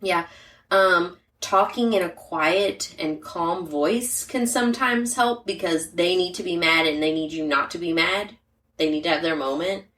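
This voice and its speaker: A woman's voice: fairly low pitch, unhurried, fairly bright tone. Straightforward woman, distant roomy sound. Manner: straightforward, chatty, many "like" fillers and murmured agreement. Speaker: podcast co-host, mother. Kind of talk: casual chat.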